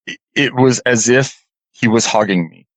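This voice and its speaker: A man's voice: medium pitch, normal speed, no echo, low-quality recording. Earnest man fighting back tears. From California. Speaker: guest. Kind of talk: personal story in a radio interview.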